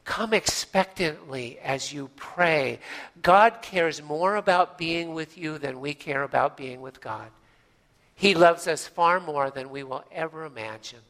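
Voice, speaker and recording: Bright-voiced pastor preaching gently. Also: male voice, on the high side. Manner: storytelling, gentle pauses, drops to near-whispers for emphasis; folksy, with frequent uh fillers. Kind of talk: sermon.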